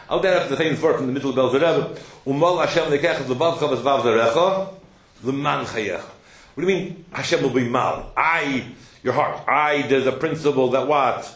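Man lecturing on Torah in an echoey room. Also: mid-range voice. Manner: animated storyteller, asks "hello?" to prod listeners. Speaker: rabbi teaching a Torah class. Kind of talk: Torah lecture mixing English with Hebrew and Yiddish terms. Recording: echoey room with faint noise.

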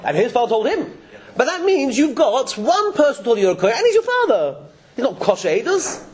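Male religious teacher lecturing a room of listeners, high and lively voice, chuckles and restarts often. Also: fairly quick. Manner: animated, chuckling, with frequent restarts. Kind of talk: lecture to a live class. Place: classroom with listeners.

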